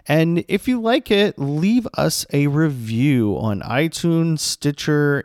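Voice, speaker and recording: A man's voice: medium pitch, dry recording, studio quality. A man hosting a podcast, wrapping up the episode in a chatty, playful way and reading out a listener review. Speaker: podcast host. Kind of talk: casual podcast sign-off.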